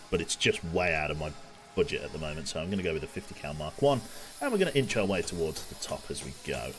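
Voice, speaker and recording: Brief: young male gameplay streamer, low-pitched and animated, casual joking chat. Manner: chatty, joking, talks to chat while playing. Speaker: video game streamer.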